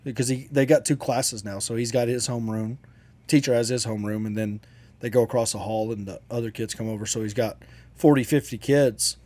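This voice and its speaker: A man's voice: mid-range voice, steady tone, fairly quick, darkish tone. A man co-hosting a casual talk show, arguing his point with animation and casual swearing. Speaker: podcast co-host and father. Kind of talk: casual chat.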